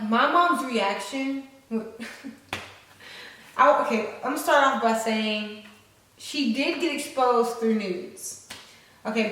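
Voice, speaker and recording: A young woman vlogger tells a personal story, casual and profane, playing up the drama for her viewers. Her fairly high voice echoes heavily around the room, and the mic sits at some distance. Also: fairly bright tone, a little hiss or hum. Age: 20s. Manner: frank, profane, dramatic, talks to viewers as y'all.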